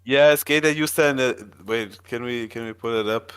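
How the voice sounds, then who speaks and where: A man's voice: mid-range voice, normal speed, a bit bright, smooth. A man hosting a live stream in casual chat, swearing often and thinking aloud in scattered bursts. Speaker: stream host.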